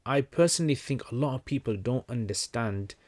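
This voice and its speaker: A young man hosting a casual livestream Q&A, talking in a relaxed, conversational way with many fillers and restarts. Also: mid-range voice, a little fast. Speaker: livestream host answering questions.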